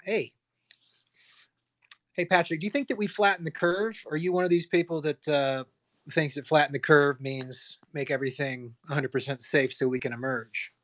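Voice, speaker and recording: A man from the United States riffs heatedly on his own livestream. His voice sits a little high for a man. He keeps stumbling over restarts and firing off rhetorical questions. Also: a bit bright. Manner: impassioned, rambling, frequent restarts and rhetorical questions. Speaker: livestream host. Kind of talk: solo livestream rant.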